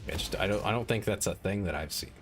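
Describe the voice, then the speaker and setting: A man's voice: deep voice, quick pace, over music. A man streaming a strategy game, chatting casually and rambling in a self-mocking way, full of "like" fillers, into a desk microphone. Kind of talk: casual gaming stream chat.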